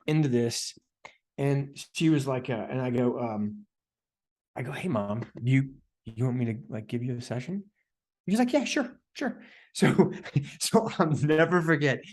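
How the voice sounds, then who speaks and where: A man in a mid-range voice tells a story casually on a podcast. He keeps dropping "dude," "man" and "like" into his sentences. He often jumps up in pitch when he acts out what other people said. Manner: animated, heavy filler words, "dude" and "man". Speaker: podcast guest, energy healer.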